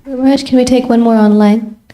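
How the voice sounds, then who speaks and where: A woman's voice: on the high side, fairly even intonation, fairly quick, warm tone. A woman moderating a Q&A, politely reading out online questions. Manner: polite and deferential.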